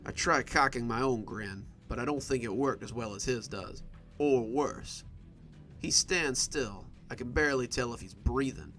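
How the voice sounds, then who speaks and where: A man reading a first-person horror story in a steady, measured narration. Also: medium pitch, soft background music.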